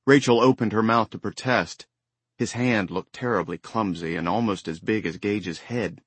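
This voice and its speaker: A man reading a novel aloud as an audiobook narrator, measured and even. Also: on the low side, slightly rough, dry recording. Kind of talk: scripted narration. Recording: dry close studio sound.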